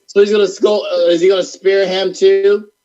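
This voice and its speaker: A man's voice: high voice, little pitch movement, normal speed, dark tone, highs cut off. A man co-hosting a podcast in casual chat, blunt and profane as he reacts to wrestling. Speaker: podcast co-host.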